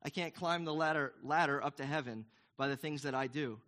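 A man's voice: a little high, fairly quick, a bit bright. A man preaching a sermon in an earnest, emphatic, conversational way, asking the congregation questions. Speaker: pastor.

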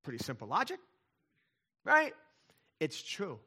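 A man preaching a sermon in a conversational way, dropping to quiet asides and rising to loud, emphatic points. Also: fairly high pitch, huge pitch swings, unhurried, slightly rough. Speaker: pastor.

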